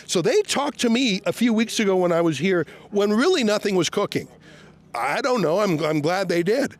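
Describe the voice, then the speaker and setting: Combative sarcastic male reporter. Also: sits high. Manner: combative, sarcastic, loudly questioning. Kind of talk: on-the-street reporting to camera.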